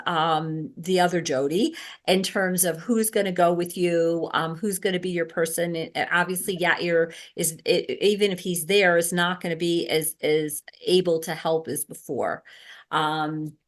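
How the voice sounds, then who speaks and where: A woman leading a workshop for birth helpers, talking casually with many ums and restarts. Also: fairly low pitch. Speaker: doula trainer. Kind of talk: workshop teaching.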